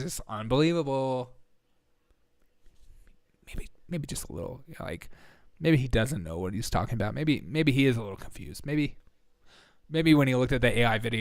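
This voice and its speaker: Sarcastic comedy host guy, smooth resonant voice, dry close mic, mock-serious riffing. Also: medium pitch, dry recording. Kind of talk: sarcastic political comedy commentary.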